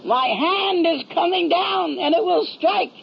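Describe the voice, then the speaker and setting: A woman speaking as an angry, grieving male divine voice during a religious vision, making slow, raised declarations. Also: very high-pitched, creaky, highs cut off, a little hiss or hum, exaggerated voice. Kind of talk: spoken religious vision message.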